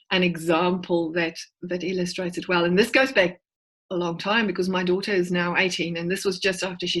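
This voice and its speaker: A woman's voice: on the low side, fairly bright tone, breathy edge, low-quality recording. A woman in her forties, a clinical psychologist, giving a conversational talk over a video call and telling stories with frequent restarts. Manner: storytelling, with frequent word restarts. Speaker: clinical psychologist, guest speaker. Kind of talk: conversational presentation.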